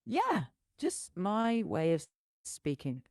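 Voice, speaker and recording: Calm British AI woman's voice. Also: medium pitch, dry recording, studio quality. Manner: calm, polite, measured replies. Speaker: AI voice assistant. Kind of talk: chat with a streamer.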